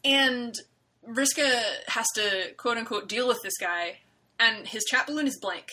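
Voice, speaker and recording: Animated, bright-voiced woman chatting. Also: fairly high pitch, a little slow, low-quality recording. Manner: animated, filler-heavy, emphatic. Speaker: podcast co-host. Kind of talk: casual chat about a webcomic.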